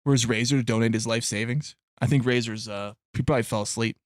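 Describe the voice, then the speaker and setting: A man's voice: medium pitch, fairly even intonation, quick pace, no room sound. Young man, live-stream chat, rambling and cussing, dry close desk mic. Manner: rambling, profane, laughs a lot.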